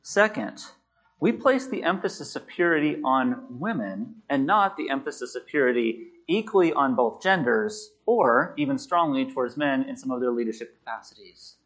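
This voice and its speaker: Male preacher, husky, lively pitch, emphatic sermon delivery. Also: moderate pace. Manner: animated, emphatic, repeats key phrases.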